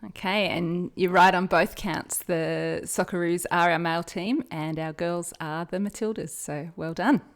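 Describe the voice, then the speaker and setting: A woman's voice: fairly low pitch, steady tone, a little slow, hardly any pauses. A middle-aged woman with an Australian accent, chatting casually and laughing often as a guest quizmaster on a trivia podcast. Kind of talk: casual podcast chat and quiz hosting.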